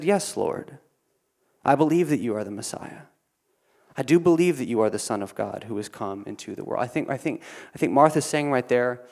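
A man preaching a sermon, earnest, often repeating words as he restarts, dropping quiet and then building to emphatic peaks. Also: mid-range voice, lively intonation, moderate pace, gravelly. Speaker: pastor.

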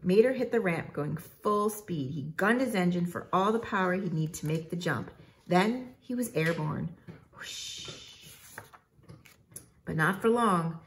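A woman reading a children's storybook aloud in a measured, expressive way. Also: on the low side, a little hiss or hum. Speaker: narrator.

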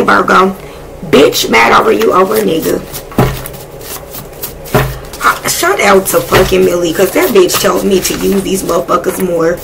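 A woman giving a casual tarot reading, blunt and excitable, swearing freely as she talks to spirit. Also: a little high, fairly quick, vocal fry, noisy background. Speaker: tarot reader.

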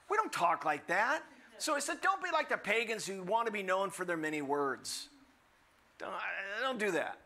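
Bright, animated older male preacher. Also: high-pitched, moderate pace. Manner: animated, acts out quoted voices, humorous asides. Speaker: guest preacher. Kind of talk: sermon.

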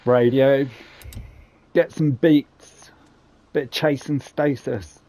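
A man's voice: medium pitch, fairly even intonation, slow pace, dark tone. A man hosting casual gameplay commentary, chatty and jokey with rambling asides. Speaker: gaming channel host.

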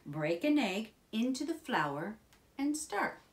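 Woman as a calm, patient storybook mother. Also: a little high, slow, pitched above the performer's own voice, exaggerated voice. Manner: calm, instructive. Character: patient, practical mother guiding her son. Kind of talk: children's storybook reading.

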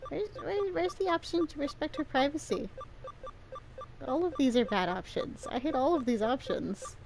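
High-voiced woman streamer reading game lines. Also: expressive, normal speed, a little mellow, a little hiss or hum. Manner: reads dialogue in several voices between casual asides. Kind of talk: reading game dialogue aloud on a live stream.

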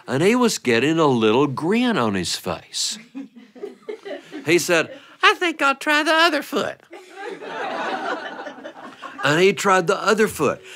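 A playful male storyteller spins a family tale at an unhurried pace. His pitch swings widely as he laughs his way through the telling. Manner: playful, animated, often laughing.

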